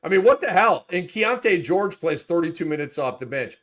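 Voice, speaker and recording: A fired-up sports show host, a man whose voice jumps all over in pitch, sitting a touch higher than most men. He rants and jokes in loose, casual chat, dropping to mutters and bursting back up loud. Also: a little fast. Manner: animated, swings from muttering to loud outbursts, swears. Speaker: fantasy basketball show host.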